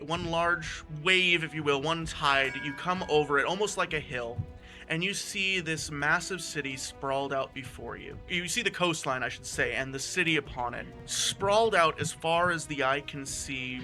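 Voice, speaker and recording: A man narrates a tabletop game as its game master, describing scenes and correcting himself as he goes. His voice is sharp and bright, pitched a little high. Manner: descriptive with frequent self-corrections.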